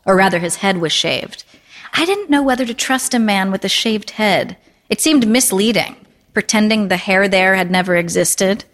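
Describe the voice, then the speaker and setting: A woman in her thirties reading a literary story aloud in a dry, understated, deadpan manner. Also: mid-range voice, moderate pace, big-room sound. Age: 30s. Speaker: narrator.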